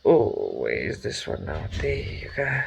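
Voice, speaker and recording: A man's voice: medium pitch, wildly swooping pitch, measured pace, creaky, breathy edge, faint music behind. A middle-aged South African man, an Afrikaans speaker, chatting casually as a cross-stitch vlogger while he stitches. He talks in a chatty, openly emotional way with frequent exclamations.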